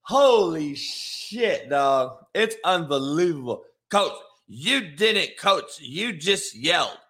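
A man's voice: a little high, animated, slow pace, sharp tone. A middle-aged man and former coach hosting a show, ranting in a brash, profane way and mocking commenters. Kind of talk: profane live-stream rant.

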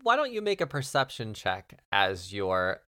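A man running a tabletop game as game master, calmly narrating and asking the players what they do. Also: fairly low pitch, measured pace, no room sound, clean studio sound. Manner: calm, guiding, asks players what they do.

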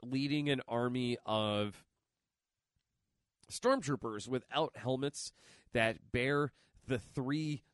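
A podcast host casually recaps a comic story, rambling and swearing with plenty of fillers. His medium-pitched voice moves slowly with long pauses, and the recording is clean, dry, and studio quality.

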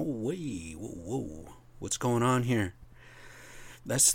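A man from Washington state ranting on his solo podcast into his own mic, rambling and swearing constantly. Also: lowish voice.

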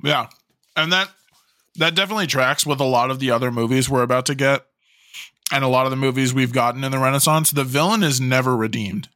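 A man co-hosting a podcast, casually discussing a movie, animated and swearing freely as he shares trivia. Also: medium pitch, fast, no echo, clean studio sound. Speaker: podcast co-host. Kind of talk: casual movie review chat.

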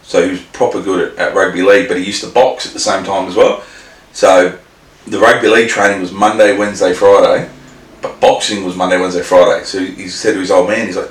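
A man's voice: low-pitched, fairly even intonation, fast talker. A man with an Australian accent, co-hosting a casual podcast chat, rambling and swearing with many restarts. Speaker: podcast co-host. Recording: roomy, distant mic with faint noise.

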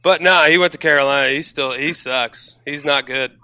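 A man's voice: on the high side, normal speed, bright, forceful tone, smooth, dry recording. A man filling in as co-host on a casual sports podcast, laid-back and blunt with some swearing.

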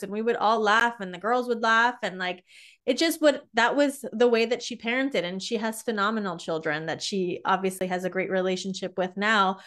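Smooth-voiced woman telling stories. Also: mid-range voice, a bit bright. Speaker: guest. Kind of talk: casual chat.

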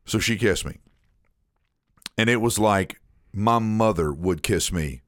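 A man's voice: lowish voice, slow, pauses often, a bit bright, no room sound, clean studio sound. A man telling a long personal story in casual chat, rambling and repeating himself as he acts out what was said.

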